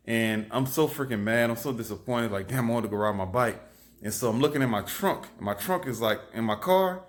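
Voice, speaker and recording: A man, telling lively stories into his phone camera in a casual vlog. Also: mid-range voice. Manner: animated, repetitive, lively storytelling. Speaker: vlogger.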